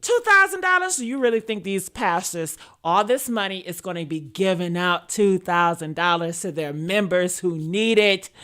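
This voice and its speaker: A woman's voice: lowish voice, lively intonation, moderate pace, hardly any pauses, a bit bright. A woman hosting opinionated commentary, talking bluntly and with sass, cursing freely. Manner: blunt, sassy, profane. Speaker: host.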